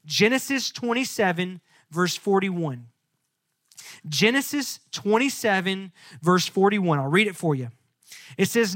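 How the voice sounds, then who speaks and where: Young male youth pastor, high voice, dry close sound, animated storytelling sermon. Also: fairly quick, no room sound. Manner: lively storytelling, acts out characters in casual slang.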